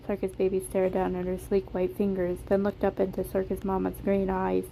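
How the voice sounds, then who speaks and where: A woman reading her fan fiction story aloud in a steady, plain narration, recorded on a phone. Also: mid-range voice, normal speed, vocal fry, a little hiss or hum, poor audio.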